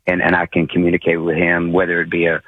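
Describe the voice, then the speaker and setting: A very deep-voiced man in his forties calls in over a tinny, dry phone line. He speaks hesitantly and keeps stopping to restart his thoughts. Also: monotone, no room sound. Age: 40s. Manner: halting, hesitant, many fillers. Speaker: caller.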